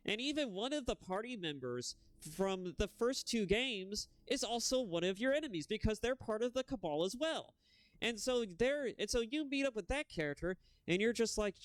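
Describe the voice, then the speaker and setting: A young man rants on a casual gaming stream, heated and profane, rambling from one point to the next. His voice is a little high, smooth and clean, sing-song and fairly quick. A close mic captures it dry, with no room sound.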